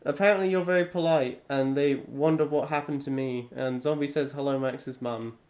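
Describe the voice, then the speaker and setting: A man's voice: on the high side, fairly even intonation, brisk, a little mellow. A young man streaming live, chatting casually with his mother on a call and reading out chat messages with wry, self-deprecating humour.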